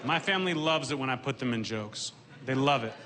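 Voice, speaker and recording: A man performing a stand-up comedy set onstage, with a deadpan delivery. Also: mid-range voice, a little fast, a crowd in the background, noisy background. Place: stage before a live audience.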